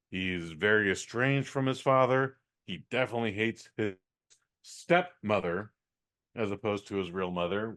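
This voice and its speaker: A man's voice: fairly low pitch, fairly bright tone. A man co-hosting a podcast, giving a rambling, profane, exasperated movie review in casual chat.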